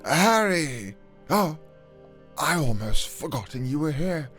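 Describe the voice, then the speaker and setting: A man voicing a cold, menacing male dark wizard who draws out his threats in a hissing hush. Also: fairly high pitch, sing-song, takes it slowly, soft background music, voice pushed up, exaggerated voice.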